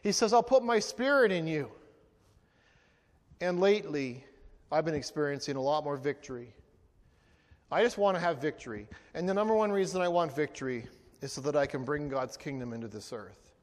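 Man, pastor, high voice, playful sermon, long church reverb. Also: normal speed, long pauses. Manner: lively, playful, asks the congregation to repeat lines. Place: church hall.

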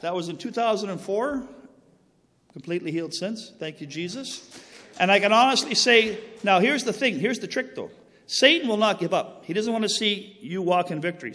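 Here a man with a high, somewhat bright voice recounts his faith journey, with a long reverb trailing his words. He rambles sincerely, goes off on tangents and says sorry for them, and leans preachy, hitting key phrases hard in a casual storytelling way.

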